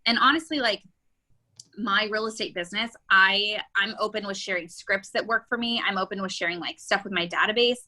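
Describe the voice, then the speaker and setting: A woman's voice: mid-range voice, brisk, sharp tone, low-quality recording. A woman real estate agent and coach giving an enthusiastic, chatty webinar talk with many fillers.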